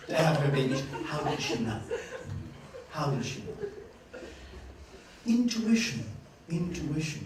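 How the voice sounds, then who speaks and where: A man giving a lively master-class lecture at a journalism school, playful and questioning his audience. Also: fairly high pitch, slow, pauses often, noisy background. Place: university lecture hall. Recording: echoey hall, distant mic, faint ambience.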